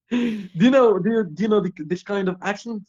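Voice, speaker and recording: A man's voice: high-pitched, measured pace, darkish tone. A man hosting a casual interview, asking questions eagerly and laughing a lot. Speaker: host. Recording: dull lo-fi audio.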